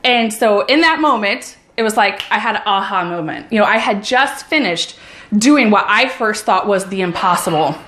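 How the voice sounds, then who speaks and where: An upbeat woman vlogger talks to her viewers in a cheerful, encouraging way, at a medium pitch for a woman. Her voice rings out in a roomy space. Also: lively intonation, moderate pace, a bit bright. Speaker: vlogger, runner and mom. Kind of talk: casual motivational vlog.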